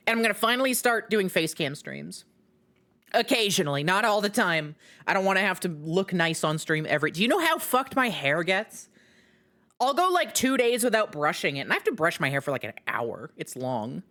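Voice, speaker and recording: A woman talking casually to her live stream chat, her pitch bouncing all over as she rambles. She interrupts herself often and leans on fillers. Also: a little fast. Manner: rambling, animated, self-interrupting with many fillers.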